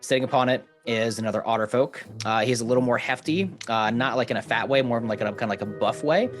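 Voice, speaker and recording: A man's voice: mid-range voice, quick pace. A man describing scenes as game master, in a loose, casual tone full of fillers. Faint music plays behind him. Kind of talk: narrating a tabletop game.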